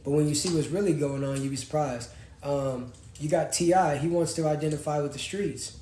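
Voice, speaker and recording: A young man, co-hosting a casual live-stream chat in an animated, slangy way. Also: brisk. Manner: animated, slangy, jumps from loud to low. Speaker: podcast co-host. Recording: roomy echo, faint noise.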